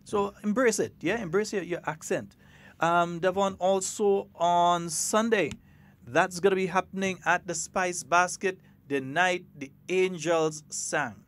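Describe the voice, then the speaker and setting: Brief: Grenadian male radio host, fairly high voice, playful and chatty. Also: a little slow, a bit bright. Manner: chatty, playful, mixes creole with standard English. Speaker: radio talk show host. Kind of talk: casual morning radio chat.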